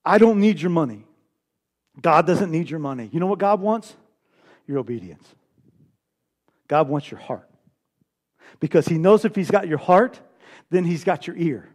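A pastor with a high, bright male voice delivers a sermon to his congregation. His preaching swings between loud, forceful declarations and quiet, hushed lines. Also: expressive, normal speed, long pauses.

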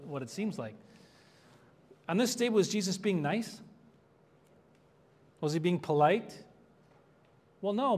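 A man's voice: sits high, darkish tone. A man preaching an expository sermon as pastor, earnest and conversational, rising in emphasis on key points. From United States.

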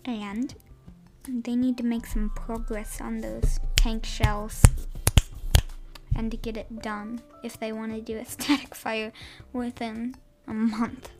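A woman's voice: a little high, a little mellow. A woman hosting a casual podcast, rambling and hesitant, often correcting herself, with wry, self-deprecating humor. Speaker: podcast host. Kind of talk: casual unscripted podcast update.

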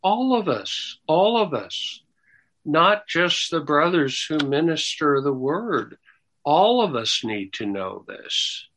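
Slow, halting man teaching the Bible. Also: fairly high pitch, big pitch swings, a bit bright, low-quality recording. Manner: slow, halting delivery with repeated words and apologetic asides; builds to emphatic, rising stresses. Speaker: Bible teacher answering questions. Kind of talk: sermon-style Bible teaching.

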